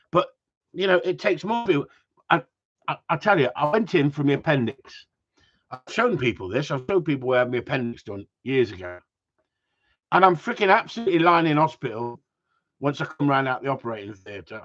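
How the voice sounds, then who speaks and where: Cheeky rambling man, lo-fi. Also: a little high. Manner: rambling, cheeky, swears freely. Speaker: vlogger. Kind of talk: casual chat to viewers.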